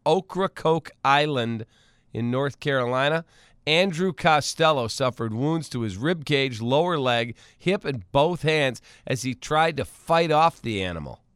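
A man's voice: fairly high pitch, a bit bright, clean tone, no echo, studio quality. A man hosting a radio talk show, telling news stories in a wisecracking, casual way and laughing easily. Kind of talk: casual morning radio banter.

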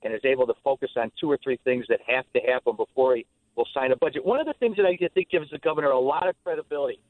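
A man speaking as a former state legislator guest in a radio interview, starting haltingly and then talking with animation. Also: medium pitch, no echo. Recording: tinny dry phone line.

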